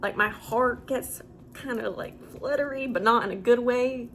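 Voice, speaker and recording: A woman's voice: a little high, moderate pace, a little hiss or hum, rough recording. A young adult woman chatting casually as she tells a story-time vlog, with lots of fillers. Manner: chatty and animated, with many fillers. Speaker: vlogger.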